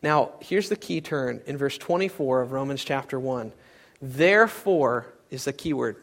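A man's voice: medium pitch, moderate pace, vocal fry. A young adult man preaching a sermon, telling stories with animation and acting out other people's voices. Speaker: pastor.

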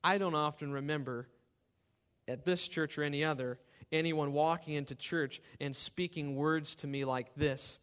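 Preaching to his congregation, a man reads scripture with impassioned, rising pitch and volume before explaining it. His voice is clear, resonant and fairly bright, with fairly even intonation at a normal speed.

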